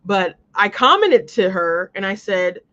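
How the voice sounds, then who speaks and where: This mid-range voice is very animated and sharp, though a little slow, captured with lo-fi sound. It's a show host rambling earnestly through a casual monologue, full of restarts.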